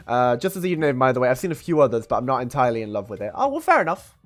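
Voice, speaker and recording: A man hosting a livestream, chatting casually and teasing his guest while reading chat. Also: mid-range voice. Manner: playful, teasing, reacts to chat. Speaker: streamer host.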